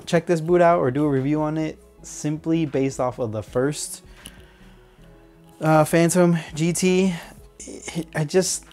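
A man's voice: on the high side, a little mellow. Male boot reviewer, easygoing unboxing talk, hesitant and rambling. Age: adult. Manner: rambling, self-correcting, hesitant fillers.

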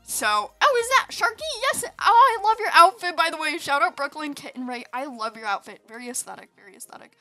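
A woman's voice: high-pitched, very animated, brisk, hardly any pauses, bright, forceful tone, no room sound, soft background music. A woman chatting casually over her gameplay, rambling and giggly, sleepy from staying up. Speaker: gaming video host.

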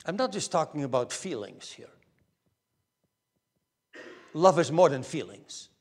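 A man preaching a sermon as pastor, earnest, moving between raised emphasis and hushed near-whispers. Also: fairly high pitch, sing-song, unhurried, husky. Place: church pulpit.

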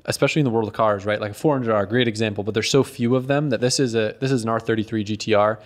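A man's voice: on the low side, fairly even intonation, racing. Thoughtful, hedging man talking casually. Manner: thoughtful, hedging, repeats words while explaining. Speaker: podcast guest. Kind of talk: casual chat.

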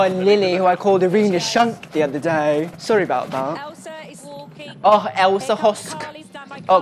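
A woman from the UK giving chatty, sassy fashion reaction commentary as a vlogger. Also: medium pitch. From United Kingdom.

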